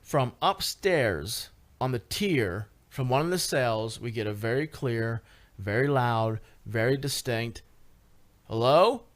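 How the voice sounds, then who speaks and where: A man guest on a radio talk show, telling a paranormal investigation story in a casual, animated way with many fillers and restarts. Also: mid-range voice, a little slow, few pauses. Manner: animated, lots of fillers and restarts, rising excitement.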